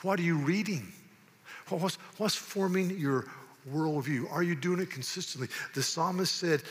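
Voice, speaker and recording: A man's voice: a little high, normal speed. A man from the South, preaching a sermon in a church in an emphatic, folksy way and repeating words as he presses a point. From American South. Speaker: pastor. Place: church sanctuary. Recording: long reverb of a church hall.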